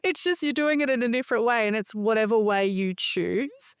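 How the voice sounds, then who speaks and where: A woman's voice: on the high side, animated, a little fast, no echo. A woman hosting a podcast, talking in an affirming way with many fillers in a casual conversation. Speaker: podcast host.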